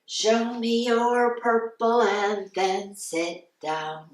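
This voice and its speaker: A woman hosting a children's story time, singing songs and reading a storybook aloud in an animated, sing-song way with animal sounds. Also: on the high side, extremely slow. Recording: roomy sound from a distant mic.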